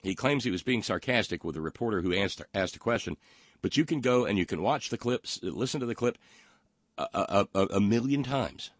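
In a dry, studio-quality recording, a man with a fairly low, expressive voice hosts a political talk show. Mocking and sarcastic, he reads out listener comments and ridicules the news, his speech halting and full of ums and uhs.

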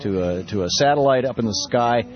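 A man hosting a political talk radio show from a studio, speaking in an animated, indignant way with many restarts. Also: medium pitch, a little fast. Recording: dull, slightly lo-fi radio broadcast.

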